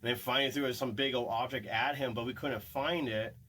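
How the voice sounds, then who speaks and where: A man, a guest paranormal investigator, recounting experiences eagerly with halting restarts. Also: medium pitch, steady tone, bright, forceful tone, breathy edge. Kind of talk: casual group chat.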